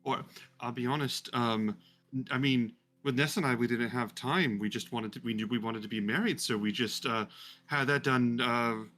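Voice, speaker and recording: A man doing a lovesick gallant for a tabletop game, talking earnestly and tenderly in flowery words, with a bright, forward tone. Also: mid-range voice, moderate pace, close to an everyday voice. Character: lovestruck, gallant young man, a devoted romantic.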